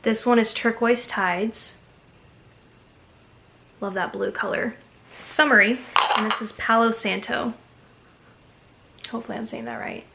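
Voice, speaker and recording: Woman, casual vlogger chat, enthusiastic, gushing, mid-pitched voice. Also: bright, forceful tone. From Texas. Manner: chatty and enthusiastic, gushing over finds. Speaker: haul vlogger.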